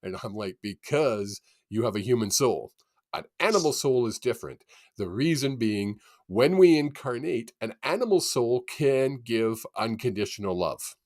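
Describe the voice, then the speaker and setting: A man hosting a casual channeling session on a video call, animated and laughing often. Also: mid-range voice, dry recording, clean studio sound. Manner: animated, laughs often, quick bursts of excitement. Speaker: psychic medium host.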